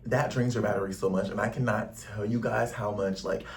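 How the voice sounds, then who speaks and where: Talking to camera indoors at a Paris lodging, this young man from the US rambles through his travel vlog in a chatty, slang-filled manner, with plenty of "like." He speaks a little fast in a fairly low, steady voice, and the mic sits at a distance.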